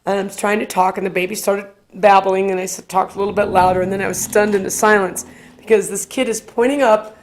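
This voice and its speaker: A woman's voice: mid-range voice, brisk, a little hiss or hum. A woman working as a ghost tour guide, telling stories in an interview, acting out the voices she quotes and laughing often. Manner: animated, acts out quoted voices. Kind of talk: interview storytelling.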